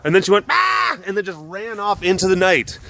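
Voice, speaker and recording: A young man tells a story in a bright, forceful voice that sits a little high. He rambles along casually, with restarts, and acts out the other people in the story as he goes. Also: fairly even intonation, quick pace, slight background noise. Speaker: vlogger with big cats.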